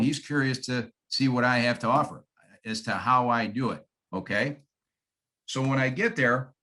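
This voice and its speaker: A man coaching fellow realtors in an easygoing, chatty way, with a voice of middling pitch. He slips into role-play, voicing himself and the homeowner on the phone. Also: fairly bright tone. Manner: conversational, acts out both sides of calls. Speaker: real estate agent. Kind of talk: sales training talk with role-play.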